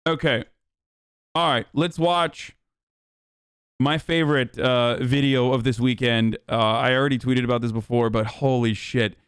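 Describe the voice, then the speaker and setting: Man, stream host, heated profane commentary, smooth voice, close dry sound. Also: mid-range voice, steady tone, measured pace, fairly bright tone, no room sound. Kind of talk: casual political commentary.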